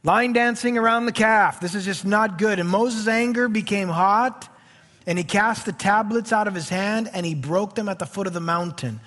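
A man preaching a sermon, reading scripture aloud and breaking into animated, chatty asides. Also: high-pitched, moderate pace. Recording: reverberant hall.

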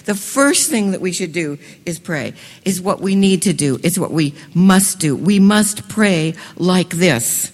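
A woman preaching a sermon with passion, her voice swelling loudly when she reads scripture. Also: on the low side, lively intonation, unhurried, few pauses. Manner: impassioned, swells loud on scripture lines. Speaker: women's ministry speaker. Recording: reverberant hall.

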